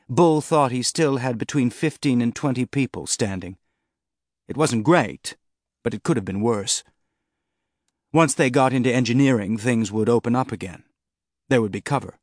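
A man reading an audiobook in steady, measured scripted narration on a close studio mic. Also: medium pitch, no echo.

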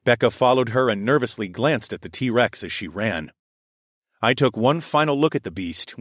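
Brief: young male audiobook narrator, mid-pitched, steady storytelling, very dry close sound. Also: dry recording. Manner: steady storytelling, voicing his own lines louder and higher. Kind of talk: first-person audiobook narration.

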